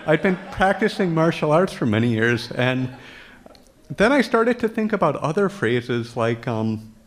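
Speaking unhurriedly in a fairly high voice, a man shares a funny personal story with an audience. He frequently chuckles as he talks and performs the dialogue in animated voices.

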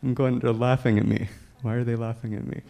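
A man's voice: mid-range voice, fairly quick, creaky. A man telling a personal story to an audience in a humorous way, often chuckling as he talks. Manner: acts out dialogue with lively quoted voices.

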